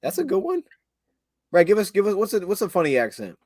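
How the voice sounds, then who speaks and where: A man co-hosting a sports podcast in casual chat, talking in an animated way, laughing often and restarting his phrases. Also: high voice, quick pace, no echo, clean studio sound.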